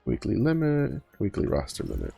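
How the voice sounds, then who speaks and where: A man's voice: on the low side, wildly swooping pitch, normal speed, creaky, mellow, slightly rough, dry recording, soft background music. A man streaming a game, chatting casually and rambling with many fillers and self-corrections, sounding a bit tired. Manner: yawning, tired. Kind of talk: casual live-stream commentary.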